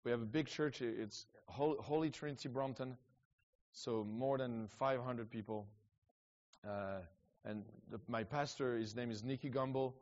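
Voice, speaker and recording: A middle-aged man tells stories in a rambling, animated way, with many restarts and quick asides. His pitch sits in the middle of the male range. The recording sounds a little dull and muffled. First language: French. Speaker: evangelist guest. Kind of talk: casual storytelling talk.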